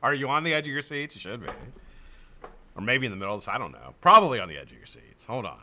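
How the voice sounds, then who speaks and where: A man's voice: mid-range voice, very animated, fast, noisy background. An American man hosting a live stream in casual chat, greeting viewers by name, swearing and laughing often.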